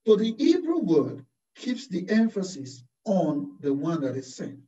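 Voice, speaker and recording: Priest giving a slow sermon, asks questions then answers them, sounds far off in an echoey room, kinda muffled. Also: male voice, sits high, wildly swooping pitch, mellow. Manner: slow, deliberate teaching with rhetorical questions. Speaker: Carmelite priest. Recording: distant, roomy, dull-sounding recording.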